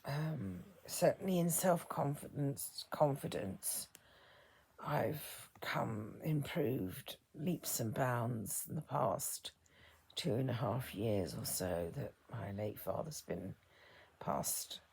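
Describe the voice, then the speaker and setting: A woman in her fifties speaking a personal reflection as a vlogger, soft-spoken and halting, her words often trailing into a whisper. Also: rumbling low, expressive, vocal fry, husky. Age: 50s.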